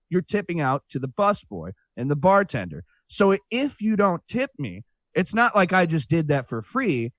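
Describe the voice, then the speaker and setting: Profane, ranting male co-host, higher voice swinging widely, dry studio mic. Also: no echo. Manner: crude, profane, emphatic. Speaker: podcast co-host. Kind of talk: casual banter.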